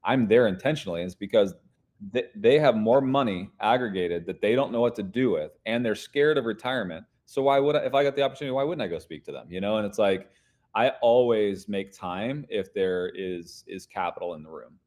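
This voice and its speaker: A man's voice: on the low side, expressive, brisk, a little mellow. A man talking as a podcast guest, explaining business ideas in an emphatic, teaching way. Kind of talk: casual interview talk.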